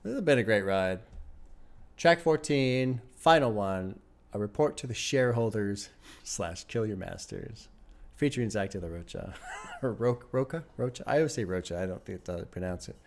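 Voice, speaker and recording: A man's voice: lowish voice, animated, normal speed. A man hosting a music reaction video, musing and rambling in casual commentary, chuckling often and sometimes dryly sarcastic. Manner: wry sarcasm.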